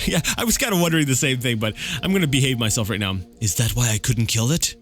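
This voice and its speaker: A man's voice: mid-range voice, animated, quick pace, hardly any pauses, fairly bright tone, soft background music. A man giving casual, rambling commentary on a game as he plays it, thinking aloud and correcting himself. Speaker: let's play gamer.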